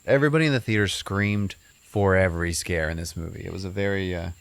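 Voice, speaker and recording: Low-voiced man recapping a movie. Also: fast talker, vocal fry, dry recording. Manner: rambling, profane storytelling with many fillers. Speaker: podcast host.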